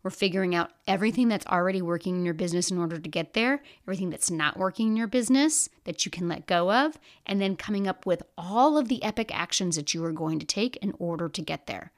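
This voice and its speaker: An energetic woman hosts her own coaching podcast, speaking in an emphatic, encouraging voice. She addresses the listener directly, pushing them to act. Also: fairly low pitch, fast, few pauses. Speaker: podcast host and business coach. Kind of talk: motivational podcast monologue.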